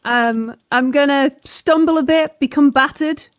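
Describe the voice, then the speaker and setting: A woman playing a tabletop role-playing game, talking through her moves in a casual, unhurried way. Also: high-pitched. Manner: unhurried, laughs often. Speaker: player.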